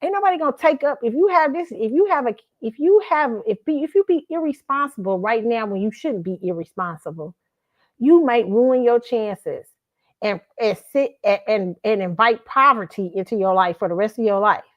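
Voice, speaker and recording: Woman, show host, AAVE, blunt, animated, fairly high-pitched, slightly muffled lo-fi sound. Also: normal speed. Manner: blunt, animated, swears, laughs often. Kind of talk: casual commentary monologue.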